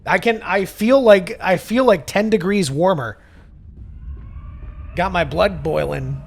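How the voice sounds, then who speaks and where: A man's voice: sits high, slow, creaky. A man giving casual gameplay commentary, ranting and swearing freely. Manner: ranting, profane, animated. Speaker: gaming YouTuber.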